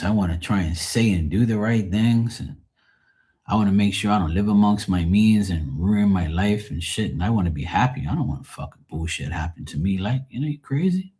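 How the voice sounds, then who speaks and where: A man's voice: sits low, slightly rough. A man hosting a livestream, telling everyday stories in a rambling, profane, casual way. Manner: profane, rambling, animated when quoting others. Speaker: livestream host. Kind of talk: casual storytelling chat.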